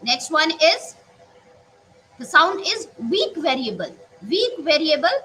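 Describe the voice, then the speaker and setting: Slow, high-voiced woman teaching pronunciation. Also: big pitch swings, sharp tone, a little hiss or hum, low-quality recording. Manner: slow, repeating each sound, drawn out vowels. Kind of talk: pronunciation lesson.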